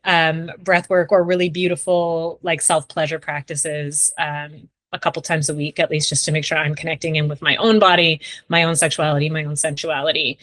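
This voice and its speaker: Chatty young woman, low, dry. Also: little pitch movement, normal speed, hardly any pauses, fairly bright tone, dry recording. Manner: chatty, frequent "like" and "um". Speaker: sex therapist, podcast guest. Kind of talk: casual podcast conversation.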